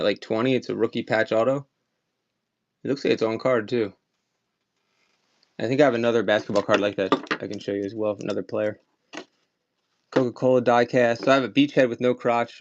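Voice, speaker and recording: A man with a slight Maryland accent chats loosely as he sells items on a live stream, full of casual fillers. His voice sits at an ordinary middle pitch. The audio is a little dull and lo-fi, with faint clicking behind him. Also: vocal fry, a little hiss or hum. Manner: rambling, chatty, many "like" fillers. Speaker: online auction seller. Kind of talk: casual live-selling chat.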